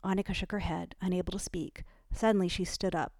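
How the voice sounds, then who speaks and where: Gravelly, low woman narrating a novel. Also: fairly even intonation, a little fast, darkish tone, dry recording, studio quality. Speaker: audiobook narrator. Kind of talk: scripted narration.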